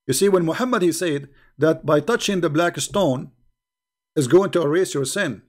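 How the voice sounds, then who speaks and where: A man's voice: fairly high pitch, normal speed. A middle-aged man hosting a livestream debate, combative and mocking, hammering points home by repeating them. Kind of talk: polemical livestream commentary.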